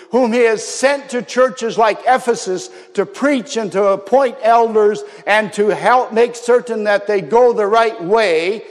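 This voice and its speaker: A man with a high-pitched voice preaching a sermon. He is earnest, drops into soft, low asides, and rises to sudden shouts. A long reverb from a large hall trails behind his words. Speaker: pastor.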